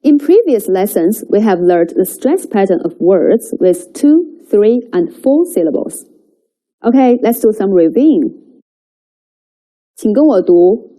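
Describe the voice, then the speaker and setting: A woman teaching a Chinese language lesson, explaining in a measured way and slowly and carefully reading out example words for students to repeat. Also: medium pitch, sing-song, dark tone, rough recording. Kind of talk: language lesson with read-aloud drills.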